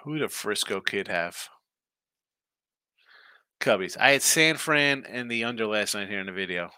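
A man's voice: lowish voice, normal speed, sharp tone, smooth, no echo. A man hosting a sports betting picks live stream, chatting casually, thinking aloud and answering viewer comments. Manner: rambling, thinking aloud, reacting to chat comments.

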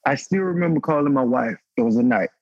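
Speaking quickly and with animation, this man's darkish voice carries a raw, profane, emotional story he shares on a podcast panel. He's in his thirties and once played football, and his pitch rises whenever he gets worked up. There's no echo, but the sound is lo-fi.

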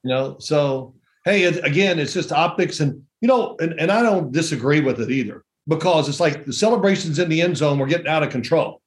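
A man's voice: fairly high pitch, expressive, a little fast, few pauses. A man in his sixties, a former quarterback, chatting as a podcast guest and telling wry stories. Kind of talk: casual podcast chat.

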